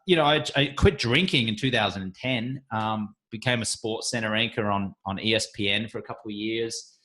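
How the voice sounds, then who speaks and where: A man's voice: on the low side, brisk, sharp tone. A man in his forties with an Australian accent, a podcast guest telling his story in a breezy, self-deprecating way. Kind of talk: casual interview chat.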